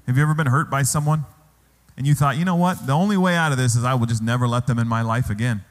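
In a church hall with long reverb, a pastor preaches a sermon, posing rhetorical questions to the congregation. His voice is medium-pitched and steady in tone, and he speaks fast.

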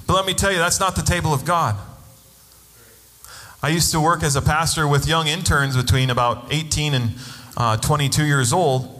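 A man's voice: a little high, brisk, bright, forceful tone, in a large hall. A man preaching a sermon as a pastor, telling a personal story and acting out the voices of the people in it. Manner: storytelling, acts out quoted voices.

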